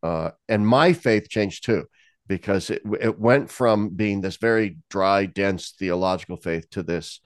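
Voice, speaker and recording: Frank, joking man with a low voice. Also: a little slow, no echo, clean studio sound. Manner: candid, joking, laughs often. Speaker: host. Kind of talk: casual conversation.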